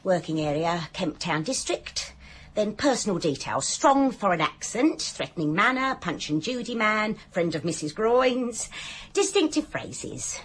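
A woman's voice: mid-range voice, sing-song, unhurried, husky. An actress playing a nosy, cheeky older charwoman in a radio sitcom, who chats on and calls everyone "dear". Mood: chatty, knowing. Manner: chatty, calls everyone dear, says ruddy and ain't.

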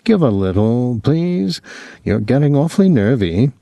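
A man's voice: mid-range voice, sing-song, a little slow, creaky, mellow, no echo, muffled recording. A man voicing a flushed, slightly drunk young husband who talks in a reproachful, wheedling way. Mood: pleading.

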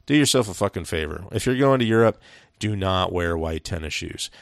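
Gravelly-voiced man, opinionated and profane podcast co-host, dry mic. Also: low voice, animated, a little fast, no echo. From Seattle, USA. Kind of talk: casual chat.

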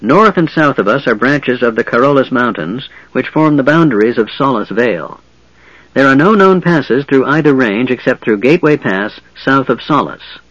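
A man voicing a calm, wise half-elf leader who speaks in a measured, firm way. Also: medium pitch, dry recording, dull audio.

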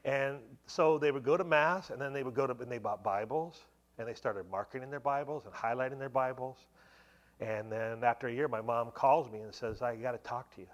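A man in his forties, with a mid-range voice and a moderate pace, gives a church testimony. He tells his story conversationally, packing it with plenty of asides.

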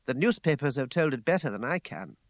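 A man reading aloud voices a smooth, evasive gentleman in a lower, measured tone. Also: very animated, no room sound, lightly acted.

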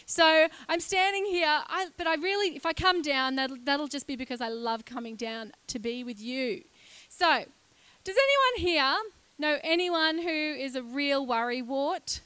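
Bright-voiced woman preaching. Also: sits high, lively intonation, unhurried. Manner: chatty, joking with the congregation. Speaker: guest preacher. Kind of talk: lively sermon. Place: church.

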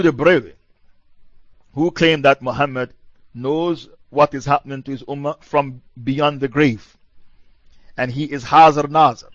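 A man's voice: fairly high pitch, a bit bright, no room sound. A male preacher giving a religious lecture in a combative, mocking way, repeating his points for emphasis. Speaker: Islamic preacher. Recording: dull lo-fi dry recording.

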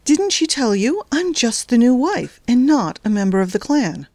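A woman voicing a curt young wife under strain, who speaks in a sharp, clipped, cold way in a novel reading. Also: a little high, sing-song, normal speed, dry recording, voice pushed up.

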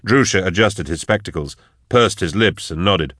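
Deep-voiced male audiobook narrator. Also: moderate pace, a bit bright, dry recording, studio quality. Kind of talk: scripted narration.

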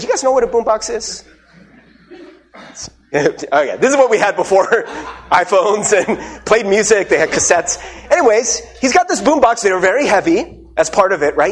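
Male pastor, high husky voice, lively preaching with acted-out quotes. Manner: animated storytelling, acts out quotes with shifting pitch. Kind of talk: sermon.

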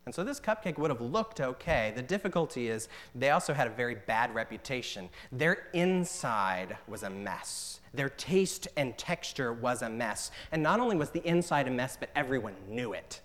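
An earnest man preaching from the pulpit in a mid-pitched voice. He reads scripture slowly and with weight. He explains plainly between readings. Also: expressive, a bit bright. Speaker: pastor. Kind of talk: sermon.

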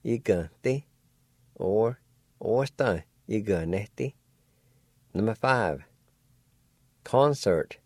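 Slow, patient man teaching pronunciation. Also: fairly low pitch, expressive, darkish tone, dry recording, studio quality. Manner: slow, patient, encouraging, spells and sounds out syllables. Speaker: language teacher. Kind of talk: slow radio language lesson.

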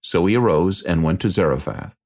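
A man narrating a dramatized scripture reading in a deliberate, measured way. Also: sits low, darkish tone.

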